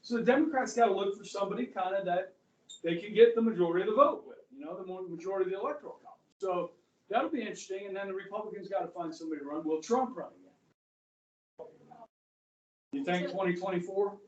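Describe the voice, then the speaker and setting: High-voiced man lecturing in an echoey classroom. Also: racing, darkish tone, recorded from a distance. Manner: chatty, rambling, asks students questions. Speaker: high school history teacher.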